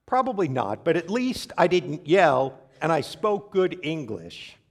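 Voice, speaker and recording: A man's voice: on the high side, very animated, a little slow. Wry storytelling male preacher. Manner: wry, conversational, playful asides. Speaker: pastor. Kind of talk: sermon with humorous storytelling.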